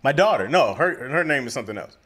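Animated male podcast storyteller. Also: mid-range voice, quick pace, breathy edge. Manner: animated storyteller, acts out quoted lines, laughs often. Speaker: podcast co-host. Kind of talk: casual storytelling chat.

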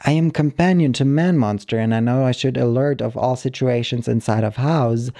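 A man calmly reading a short story aloud, narrating in the plain, halting voice of a dog. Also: medium pitch. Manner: calm, measured reading of a dog's broken-English narration. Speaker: story reader.

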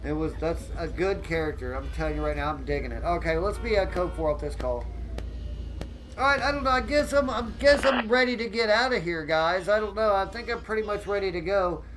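A man live-streaming a police game, joking loudly and thanking viewers by name. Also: high-pitched, expressive, a little fast, music in the background, poor audio.

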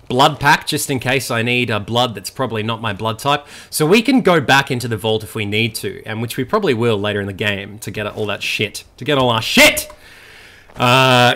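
A young Australian man commenting on a video game as he plays, excitable and jokey, swearing a lot. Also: mid-range voice. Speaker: gaming channel host. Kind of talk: let's play commentary.

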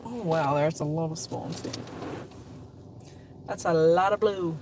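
A woman's voice: sits low, unhurried. A woman co-hosting a live stream outdoors, giving dry, teasing retorts in casual banter. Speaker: co-host on stream. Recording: outdoor street noise with traffic.

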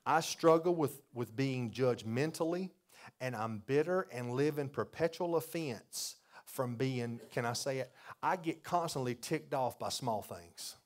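A man's voice: medium pitch, measured pace. Folksy man preaching a sermon. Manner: folksy, confessional, builds to loud repeated emphasis. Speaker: pastor.

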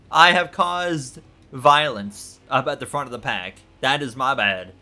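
A man giving excitable, jokey let's-play commentary on a racing game, yelping and repeating himself when things go wrong. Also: mid-range voice, a little slow, faint music behind. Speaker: gaming YouTuber.

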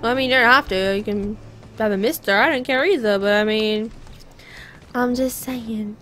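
Woman let's player with a high voice; loose, talky commentary over quiet game music. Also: moderate pace. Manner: chatty, rambling, talks to herself. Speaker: let's play gamer. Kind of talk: casual gameplay commentary.

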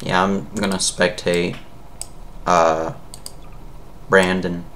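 A man chatting excitedly with friends while playing a horror game together, yelping when scared. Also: low voice, drawn-out words, a little hiss or hum. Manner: excitable, yelps and shouts in panic.

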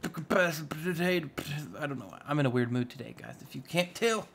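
Chatty gravelly young man gaming. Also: mid-range voice, lively intonation, fast talker, slight background noise. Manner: chatty, rambling, playful asides. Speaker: Minecraft YouTuber. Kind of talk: casual gameplay commentary.

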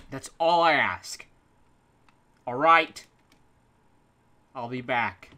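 A woman giving let's play commentary, exasperated, swearing often, yelling in bursts and then muttering to herself. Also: very deep voice, animated, extremely slow, pauses often. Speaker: gaming commentator.

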